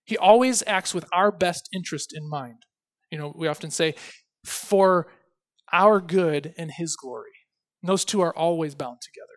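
A pastor preaching a sermon, emphatic, slowing down to stress key phrases and swinging between loud and soft. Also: male voice, fairly high pitch. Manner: reads scripture aloud with expression.

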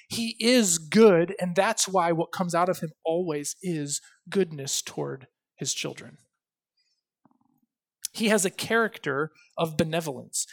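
A pastor preaching a sermon, emphatic, slowing down to stress key phrases and swinging between loud and soft. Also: male voice, a little high. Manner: reads scripture aloud with expression.

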